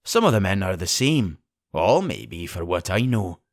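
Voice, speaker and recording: A man's voice: low voice, very animated, dry recording, clean studio sound, full character voice. A man voicing a stern, blunt sea captain. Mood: firm. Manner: clipped, deliberate, firm.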